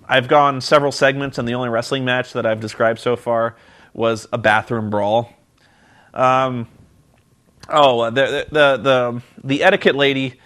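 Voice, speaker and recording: A man's voice: mid-range voice, a bit bright. A man giving a sarcastic, comedic recap of a wrestling show, often acting out the people in it with silly voices. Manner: sarcastic, mocking, acts out quotes in silly voices. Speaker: reviewer.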